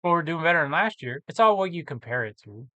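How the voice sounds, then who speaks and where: Man, reseller vlog, casual screen walkthrough, self-correcting, slightly high voice. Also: big pitch swings, fast talker, pushed and bright, no room sound. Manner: thinks aloud, muttering numbers, self-correcting. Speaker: reseller vlogger.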